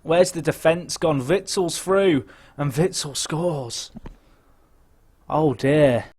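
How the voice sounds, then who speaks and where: Young male game streamer; slightly higher voice, chatty live commentary, jumps from anxious mutters to loud outbursts. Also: takes it slowly, breathy edge. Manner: chatty, excitable, swings between nervous muttering and shouting.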